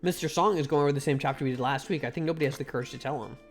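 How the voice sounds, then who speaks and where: A man's voice: medium pitch, rapid-fire. A man streaming a game, chatting casually and irreverently with his chat. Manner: irreverent, joking, stops to thank chat. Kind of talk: casual live-stream commentary while reading a game aloud. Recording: faint music behind the voice.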